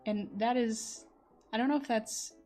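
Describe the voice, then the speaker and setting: A woman's voice: a little high, fairly even intonation, measured pace, warm tone, faint music behind. A young woman whose first language is Portuguese, chatting casually on a stream as a voice actor, rambling, laughing often and cursing freely.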